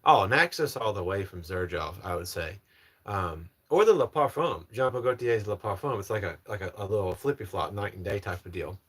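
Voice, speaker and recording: A man's voice: on the low side, animated, moderate pace, fairly bright tone, husky. Man, young adult, Southern American accent, presenter voice, casual livestream chat, reading out comments. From North Carolina, USA. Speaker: livestream host.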